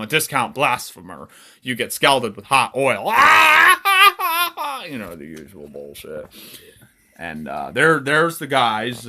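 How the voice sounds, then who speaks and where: A man casually reading his own dark comic aloud, irreverent and swearing, chuckling between lines. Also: mid-range voice.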